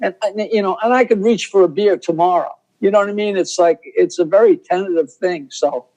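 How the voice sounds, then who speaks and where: An older comedian guest on a video call, telling stories in a rambling, self-interrupting way. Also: male voice, high voice, a little fast, darkish tone, low-quality recording.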